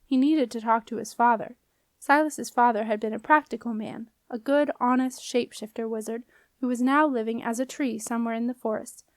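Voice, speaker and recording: A woman reading a children's fantasy novel aloud in an even, measured storytelling voice. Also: on the high side, dry recording. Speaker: audiobook reader. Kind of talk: audiobook narration.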